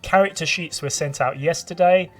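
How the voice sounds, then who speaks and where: A man chats loosely on a gaming podcast, rambling through stories and breaking into laughter often. His voice sits a bit higher than most men's. He sounds set back from the mic, with faint guitar music underneath. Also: moderate pace, distant mic. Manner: rambling, laughing, lively storyteller. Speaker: podcast co-host and game master. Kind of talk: casual chat.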